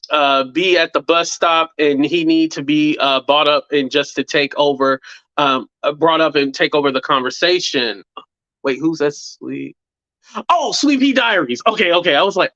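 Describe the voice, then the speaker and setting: On his own commentary channel, this YouTube host talks to viewers in a fairly high male voice at normal speed, conversational and profane. He mimics quotes in mocking voices and tosses in "blah, blah." There's no echo, but the high frequencies are cut off.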